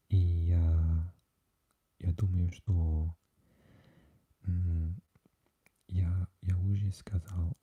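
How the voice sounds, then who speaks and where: A Welsh man hosting a whispered ASMR live chat, talking softly and haltingly with lots of fillers as he answers viewers. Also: low-pitched, husky, lo-fi sound. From Wales. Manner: soft and halting, with many fillers, chatting with viewers. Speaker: ASMR livestream host.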